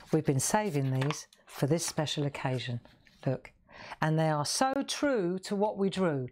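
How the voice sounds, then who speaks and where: A woman's voice: low voice, a little mellow, slight background noise. Chatty woman hosting a craft stream. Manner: chatty, playful, sings snippets and jokes with viewers. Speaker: craft show host. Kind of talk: live craft stream chat.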